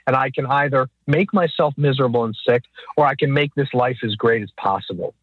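A man's voice: medium pitch, fairly quick, husky, dry recording, phone-quality sound. A man who is an author guest on an interview, speaking earnestly in a flowing motivational way.

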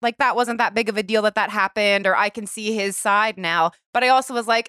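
A woman's voice: mid-range voice, normal speed, pushed and bright, dry recording, clean studio sound. A woman in her thirties hosting a podcast, talking in a reflective, casual way with lots of "like" and the odd swear word. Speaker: podcast host. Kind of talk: casual interview chat.

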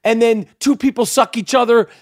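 A man's voice: extremely high pitch, steady tone, normal speed, no echo, clean studio sound. A middle-aged man hosting his own podcast, ranting in a rambling, profane way. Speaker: podcast host. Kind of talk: casual ranting monologue.

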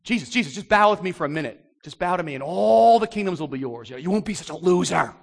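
A man's voice: high voice, animated, quick pace, gravelly, voice pushed up, heavily acted. A scornful male devil goads and mocks, pushing hard for someone to give in, as a preacher acts him out. His voice swings wildly up and down, and long reverb trails after every line. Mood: coaxing. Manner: goading, mocking, insistent. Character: taunting male devil tempter, scornful and pushy.

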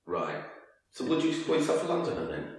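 Gravelly-voiced man with a Birmingham accent. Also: mid-range voice, big pitch swings. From Birmingham, England. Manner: chatty, laughs easily, drawn-out fillers. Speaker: podcast host. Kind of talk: casual interview.

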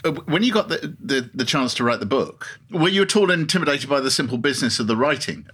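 A male interviewer speaks in a measured, articulate way with a touch of dry humour. His voice has an ordinary pitch for a man. He asks considered questions across a meal. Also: expressive, a bit bright, husky. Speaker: interviewer host.

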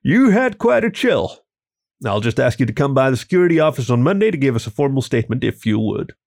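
A gruff bear security officer , voiced by a man reading aloud, speaks in a stern, official storybook tone. The gravel in his voice sounds dry and close. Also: medium pitch, big pitch swings, quick pace, darkish tone, no room sound, voice pushed up.

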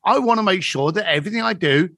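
A man's voice: sits high, fast talker, no room sound, studio quality. A man in his fifties, a business coach, telling stories in a chatty podcast conversation and acting out the voices of the people in them. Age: 50s. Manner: animated, acts out quoted dialogue. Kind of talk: conversational storytelling.

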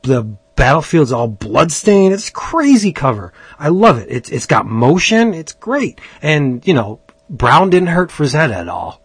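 A man's voice: a little high, sing-song, unhurried, hardly any pauses, breathy edge, no room sound. A man hosting a casual comic book chat, enthusiastic and rambling, often restarting his sentences. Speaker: comic book podcast host.

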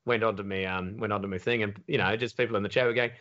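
A man with an Australian accent, a comedian guest telling lively, sweary anecdotes in casual podcast chat. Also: fairly low pitch, rapid-fire, highs cut off. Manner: lively anecdotes, swears freely, slips into voices.

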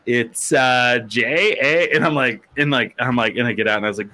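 A man co-hosting a casual chat, telling stories with animated quoted outbursts, stammering and restarting often. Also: moderate pace. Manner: animated storyteller, acts out quotes with high-pitched outbursts. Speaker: podcast co-host.

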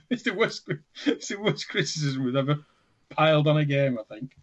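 A man with a husky, lively voice trades sardonic jokes in casual podcast banter. The sound is dull and lo-fi, and his tone swings up and down as he teases. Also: fairly high pitch, normal speed. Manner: sardonic, teasing banter with laughs. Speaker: podcast co-host. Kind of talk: casual chat.

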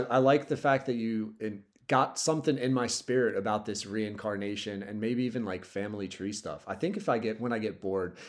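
Laid-back male podcast host. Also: fairly low pitch. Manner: laid-back, rambling with many fillers. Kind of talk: casual chat.

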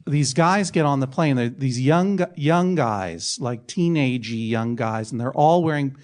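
A man's voice: medium pitch, a little slow. A middle-aged man telling a comic anecdote on a podcast, self-mocking and laughing through it. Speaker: podcast guest telling a story.

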